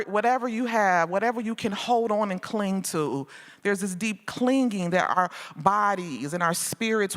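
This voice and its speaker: A woman artist leading a gratitude meditation with a slow, lulling, repetitive delivery at a symposium. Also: medium pitch. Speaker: artist speaker. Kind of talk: guided gratitude meditation talk. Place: large hall at a symposium. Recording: long reverb of a large hall.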